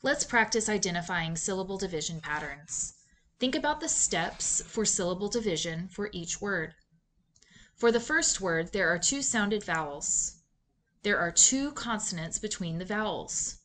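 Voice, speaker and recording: A woman giving scripted instructional narration for a reading lesson, in a clear, measured, deliberate teaching delivery. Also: fairly low pitch, fairly bright tone. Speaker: literacy instructor.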